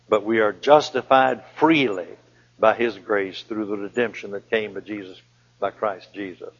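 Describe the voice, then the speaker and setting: Husky male preacher in an echoing hall. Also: lowish voice, fairly even intonation. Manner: emphatic, repeats key phrases and slows down for emphasis. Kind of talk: sermon with scripture reading. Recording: dull lo-fi recording in a reverberant hall.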